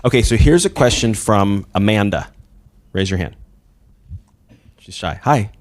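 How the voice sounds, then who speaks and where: A male interviewer puts his questions across casually, with a playful, light touch. His voice runs on the low side. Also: lively intonation, a little slow.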